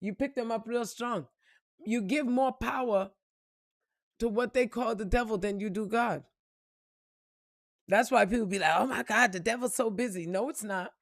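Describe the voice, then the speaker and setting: A woman's voice: on the high side, measured pace, long pauses, no echo. Woman preaching self-worth, blunt and swears a lot, asks lots of questions, dry close sound. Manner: emphatic and preachy, blunt and profane, with rhetorical questions. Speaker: spiritual reader and motivational speaker. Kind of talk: motivational spiritual monologue.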